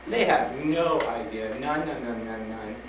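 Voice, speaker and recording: A man speaking to students, telling a personal story with animated retellings and frank urging. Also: mid-range voice, measured pace. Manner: animated, acts out dialogue, laughs often. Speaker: guest speaker at a school. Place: school hall with an audience. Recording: roomy old tape from a distant mic, noisy.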